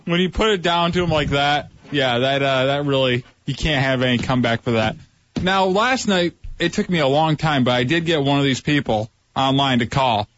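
A man's voice: medium pitch, moderate pace, fairly bright tone, slight background noise. Wisecracking male radio co-host. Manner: wisecracking, storytelling. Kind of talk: casual radio banter. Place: radio studio. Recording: dry, slightly muffled broadcast.

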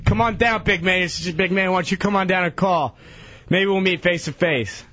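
A man on a radio show ranting angrily and taunting someone with loud yells. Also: sits high, brisk, muffled recording. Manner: angry, taunting and yelling.

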